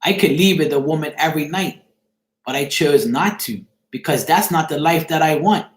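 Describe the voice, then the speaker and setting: A man's voice: on the high side, moderate pace, reverberant. A middle-aged man chatting casually to viewers on a live stream, rambling and checking if they follow him. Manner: rambling, repeats "you see what I'm saying".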